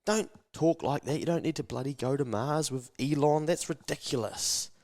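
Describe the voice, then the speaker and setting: A man voicing a condescending adult who scolds a dreamer to play it safe and get a steady job. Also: on the high side, moderate pace, lightly acted. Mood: dismissive. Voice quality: nagging, dismissive.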